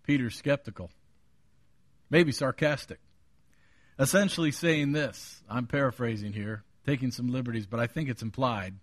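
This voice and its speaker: A man preaching a sermon, booming when he quotes scripture, dropping low on his asides, and joking with the congregation. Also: normal speed, dry recording, studio quality. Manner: jokes with the congregation. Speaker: pastor.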